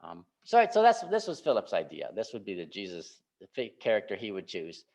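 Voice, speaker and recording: A man giving a sermon as a pastor, speaking informally and often checking in with a quick "right?". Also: on the low side, huge pitch swings, creaky, a little mellow. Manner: informal, keeps asking "right?" to check in with listeners. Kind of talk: conversational sermon. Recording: dull lo-fi recording.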